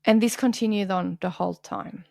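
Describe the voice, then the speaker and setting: Earnest woman podcast host, candid monologue, some vocal fry, dry close recording. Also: medium pitch, steady tone, moderate pace, no echo. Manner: earnest, confessional, dips to soft whispers.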